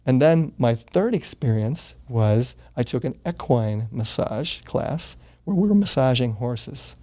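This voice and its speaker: A man's voice: medium pitch, lively intonation, unhurried, warm tone. A man in his sixties, a guest in an interview, telling a personal story in an earnest, casual way that sometimes turns emotional. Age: 60s. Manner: earnest, gets choked up, swears casually.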